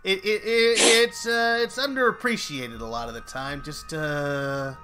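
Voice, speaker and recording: A man hosting a live stream, rambling in casual chat, trailing off in fillers and then bursting out loud. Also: a little high, fairly even intonation, unhurried, noisy background. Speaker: stream host.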